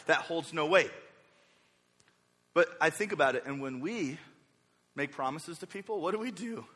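A young man preaching a sermon, lively, slipping into the voices of the people he quotes. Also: sits high, a little fast, pauses often. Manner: energetic, acts out quoted speakers with varying voices. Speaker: pastor. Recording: reverberant hall.

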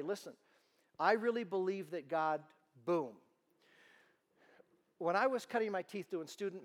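A man giving a sermon-style talk to parents in a large room, telling stories in an animated way. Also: fairly high pitch. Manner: animated storytelling. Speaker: ministry speaker.

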